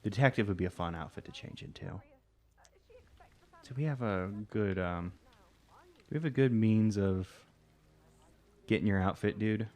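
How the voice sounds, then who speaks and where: A man's voice: lowish voice, unhurried, pauses often, a little mellow. A man hosting a let's play, giving casual gameplay commentary and thinking aloud in a rambling way full of fillers.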